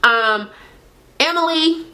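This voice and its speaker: A woman's voice: sits high, animated, slow pace, sharp tone. A young woman, recapping a reality show in blunt, sassy, heavily profane casual talk. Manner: blunt, sassy, heavy swearing. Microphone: on-camera mic.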